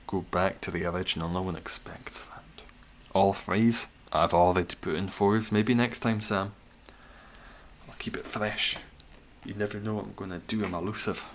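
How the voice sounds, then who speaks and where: A man's voice: deep voice, fairly even intonation, moderate pace, slight background noise. A young man hosting a live game stream, chatting casually, answering chat and teasing viewers with dry humor. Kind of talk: casual live-stream commentary while gaming.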